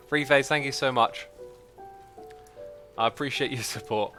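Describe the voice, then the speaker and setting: A man hosting a live gameplay stream, chatty and excitable, thinking aloud and reading out chat messages. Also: mid-range voice, a little slow, faint music behind. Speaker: livestream host.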